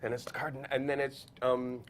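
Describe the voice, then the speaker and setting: A man in his forties, a photographer, telling stories as a podcast guest, acting out quotes with big jumps in pitch and frequent laughs. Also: flat delivery, normal speed, a little hiss or hum. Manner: acts out quoted voices, jumps high in pitch, laughs often, many filler likes. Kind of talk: animated storytelling in a podcast interview. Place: podcast studio.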